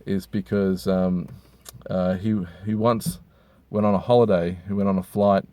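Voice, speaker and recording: A hungover man, rambling crudely and with deadpan humor while reviewing hats from inside a car. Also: low voice, a little slow, no echo. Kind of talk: casual rambling monologue.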